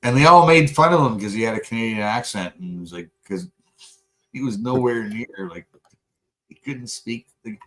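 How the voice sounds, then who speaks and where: A man holds forth in loose podcast chat, cursing freely and building up as he rants. His pitch is ordinary for a man. The delivery is animated and rough-edged. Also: moderate pace, low-quality recording. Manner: profane, animated ranting. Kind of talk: casual late-night chat.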